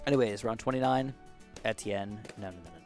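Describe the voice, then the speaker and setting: A man's voice: on the low side, brisk, soft background music. A man in his twenties chatting casually over gameplay, rambling through a story and acting out what people said. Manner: chatty, rambling anecdotes with acted-out quotes. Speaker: gaming YouTuber.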